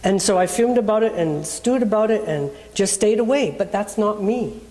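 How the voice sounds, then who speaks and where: A woman's voice: medium pitch, animated, moderate pace, warm tone. A woman minister preaching in a conversational way, telling a personal story and acting out the people in it.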